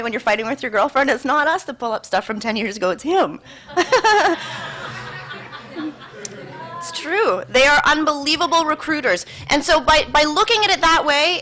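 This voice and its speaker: A woman speaking to a live audience as a motivational speaker. Her voice is bright and a little high. She talks in an animated, conversational way and tells stories.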